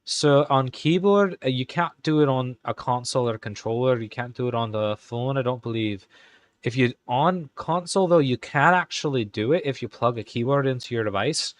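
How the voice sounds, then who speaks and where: A man hosting a live stream, talking casually and halting as he types commands. He mutters to himself and corrects himself, all in an exaggerated put-on Irish accent. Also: medium pitch, expressive. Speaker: live-stream host coding game commands. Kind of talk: casual live-stream commentary while typing.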